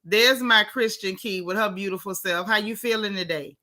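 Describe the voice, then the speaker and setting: A woman hosting a casual livestream, warmly greeting chat viewers one by one by name. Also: mid-range voice, moderate pace. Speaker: livestream host. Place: home in Texas.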